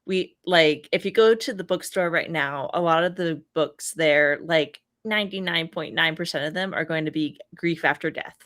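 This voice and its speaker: A woman speaking as a guest in a casual podcast conversation, thoughtful, with frequent ums and soft laughs. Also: sits low, normal speed, few pauses. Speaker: guest, Reiki practitioner.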